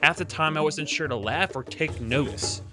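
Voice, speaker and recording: A man's voice: on the high side, moderate pace. A man giving scripted voice-over narration of a hunting trip, telling it vividly with punchy lines. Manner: vivid storytelling with punchy similes. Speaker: hunting show host. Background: music.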